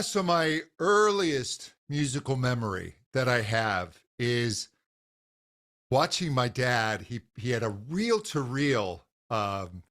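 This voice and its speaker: A man in a relaxed interview, telling his story with eager enthusiasm. He restarts his sentences often and fills pauses with "um". His voice sits in a middle pitch and comes over a video call. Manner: enthusiastic, frequent fillers and restarts. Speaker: vocal coach guest. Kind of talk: conversational interview.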